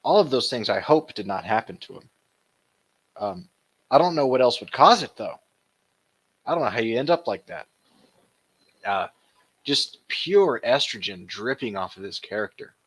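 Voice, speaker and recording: Male show host reacting to clips, sarcastic and loose, middle pitch. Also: moderate pace, pauses often, breathy edge. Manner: mocking, animated retelling of clips. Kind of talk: casual reaction commentary.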